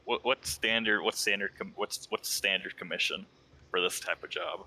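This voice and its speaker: A man playing in a tabletop game, talking quick and offhand. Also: low-pitched, fairly even intonation, pushed and bright, rough recording. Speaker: player. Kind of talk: casual tabletop play.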